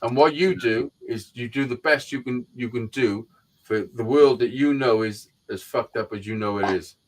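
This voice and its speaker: A man hosts a live stream, chatting casually in a mid-range voice at a moderate pace. He tells profane stories animatedly, acting out quotes, and the audio is poor.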